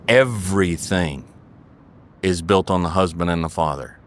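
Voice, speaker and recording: A man's voice: deep voice, unhurried, slight background noise. A middle-aged man speaking as an interview guest, talking in an earnest and preachy way, repeating his points and asking "okay?".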